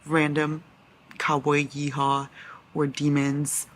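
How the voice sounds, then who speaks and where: A woman vlogging casually about a book series, excitable, swearing and reacting loudly as she reads. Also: sits low, takes it slowly, low-quality recording. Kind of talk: casual reading vlog.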